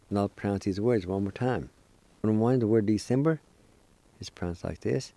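As host of a weekly language program, a man breaks words into syllables, says them again slowly and encourages beginners to practice. He speaks on the low side with a dark tone, in a dry recording.

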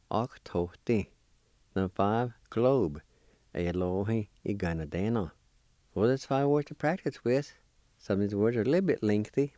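Slow, patient man teaching pronunciation. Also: fairly low pitch, warm tone, dry recording, studio quality. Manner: patient, spells out syllables one by one; encouraging. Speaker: language teacher. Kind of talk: recorded pronunciation lesson.

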